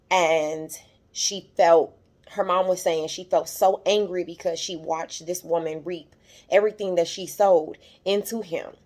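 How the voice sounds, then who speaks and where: A woman's voice: fairly low pitch, a little mellow. Chatty woman recapping a TV episode. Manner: chatty, retells scenes quoting characters, many fillers; gets emotional, voice rises when moved. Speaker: YouTube TV recap host.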